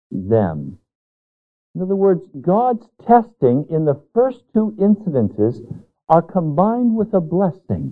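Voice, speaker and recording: Pastor man preaching on a tinny line. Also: fairly high pitch. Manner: emphatic preaching, drawing out key words. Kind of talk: sermon. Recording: tinny, phone-like narrow sound.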